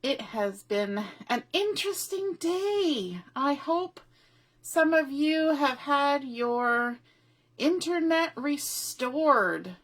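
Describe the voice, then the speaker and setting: Chatty woman, slow and bright. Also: high-pitched, expressive. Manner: chatty and rambling, greets viewers by name, laughs often. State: out of breath. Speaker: craft demonstrator hosting a live online crop. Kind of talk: casual live-stream craft demo. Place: home craft room at a table.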